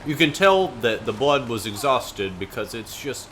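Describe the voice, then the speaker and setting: Deadpan man commentating a game. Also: mid-range voice, a little slow, slight background noise. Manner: deadpan mock-confident, dry jokes. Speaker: let's play co-host. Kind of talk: casual gaming commentary.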